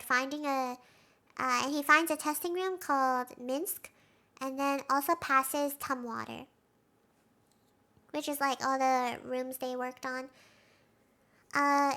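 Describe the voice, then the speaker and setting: A woman streamer casually recapping a show, excitable, laughing often and saying "like" a lot. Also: high-pitched.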